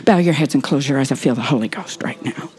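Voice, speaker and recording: A woman preaching a sermon, dropping into hushed whispers and then rising to urgent calls to the congregation. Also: a bass voice, quick pace.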